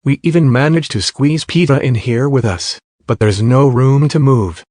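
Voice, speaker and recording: A man's voice: mid-range voice, moderate pace, a little mellow, dry recording. Man reading a story, dry sound. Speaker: story narrator. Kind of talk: reading fan fiction aloud.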